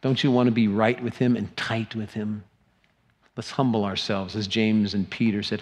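A man's voice: on the low side, flat delivery, normal speed. Middle-aged guy preaching a sermon, earnest and emphatic, keeps asking the congregation questions. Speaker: pastor.

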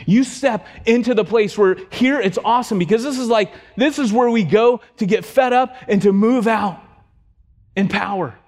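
A middle-aged man preaching a sermon, telling stories with acted-out voices and swinging from loud to hushed. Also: high-pitched. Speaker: pastor.

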